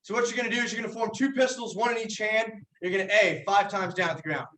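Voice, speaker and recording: Young man, teasing folksy yell leader, high voice, far from the mic. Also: fairly even intonation, fast. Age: young adult. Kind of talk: joking instructional talk. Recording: echoey room from far off.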